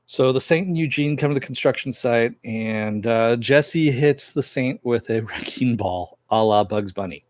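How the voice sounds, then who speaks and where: A man's voice: mid-range voice, measured pace, hardly any pauses, darkish tone, dry recording. A man reviewing a TV episode, casually retelling the plot in a loose, rambling way and chuckling now and then. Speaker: TV series reviewer.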